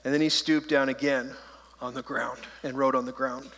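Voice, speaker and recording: A man's voice: medium pitch, flat delivery, normal speed, a bit bright. A man preaching a sermon as pastor, conversational and playful, slipping into joking voices. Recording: long hall reverb.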